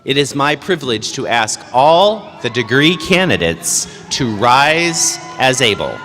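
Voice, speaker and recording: Male provost, formal and measured, bright forceful tone, big echoing hall with faint ambience. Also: mid-range voice, sing-song, soft background music. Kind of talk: formal ceremony presenting. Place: large hall.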